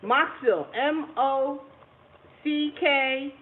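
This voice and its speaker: A woman's voice: sits high, very slow. Chatty woman cooking on a tinny stream. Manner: chatty, laughs often, talks to viewers while cooking. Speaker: cooking channel host. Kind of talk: casual cooking livestream chat. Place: home kitchen. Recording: tinny phone-like audio with faint noise.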